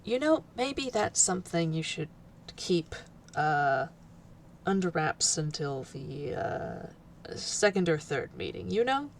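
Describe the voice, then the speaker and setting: A woman voicing a kindly, tall male professor in a tabletop role-play, giving gentle, unhurried advice. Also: lowish voice, very animated, a little hiss or hum, exaggerated voice.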